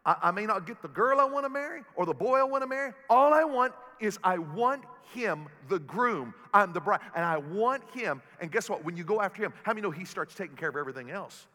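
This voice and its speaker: Male pastor, sermon, high voice, animated storytelling, reverberant auditorium. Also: a little fast, hardly any pauses. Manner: animated storytelling preacher with humor. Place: large auditorium.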